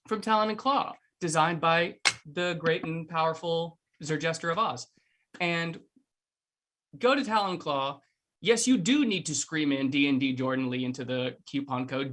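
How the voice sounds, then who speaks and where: A man's voice: fairly high pitch, fairly bright tone. Playful man doing a jokey ad read. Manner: playful, teasing, with quick asides. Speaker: cast member reading a sponsor plug.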